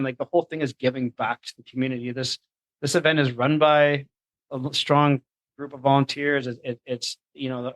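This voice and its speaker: A man's voice: medium pitch, fairly bright tone, dry recording, poor audio. Enthusiastic man, dry sound. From Canada. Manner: enthusiastic, earnest storyteller. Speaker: event organizer, podcast guest. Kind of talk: casual interview chat.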